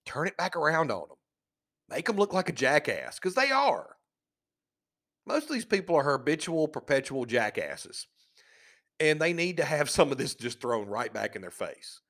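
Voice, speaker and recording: A man's voice: mid-range voice, sing-song, normal speed, a bit bright. A man hosting a solo podcast, talking in a sarcastic, mocking, rambling way. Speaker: podcast host. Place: living in a van.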